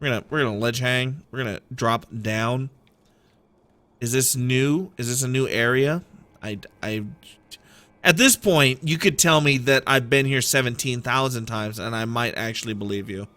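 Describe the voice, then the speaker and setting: A man's voice: mid-range voice, normal speed, sharp tone. A man streaming a game, giving rambling, playful, self-deprecating commentary. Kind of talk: casual gameplay commentary.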